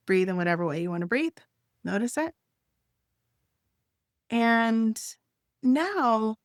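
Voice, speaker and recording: A woman leading a guided breathing and stretching exercise, with gentle, encouraging, unhurried instructions and the odd soft laugh. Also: fairly high pitch, dry recording, clean studio sound. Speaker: wellness instructor.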